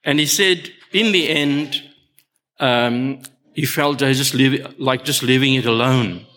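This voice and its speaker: An older pastor delivers a sermon, unhurried and fond of repeating key words for emphasis. His delivery is slow and measured, and his voice has a bright, forceful edge. His pitch sits in the middle of the male range. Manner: unhurried storytelling with emphatic repetition.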